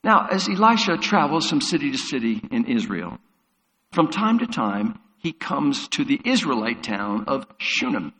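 A man's voice: medium pitch, big pitch swings, normal speed, fairly bright tone. A man preaching a sermon as a pastor, retelling Bible stories vividly. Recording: long hall reverb.

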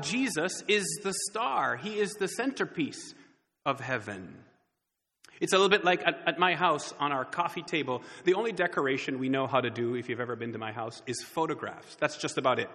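A man preaching an earnest sermon, slowing down and pausing for emphasis. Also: on the high side, expressive, pushed and bright, in a large hall. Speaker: pastor.

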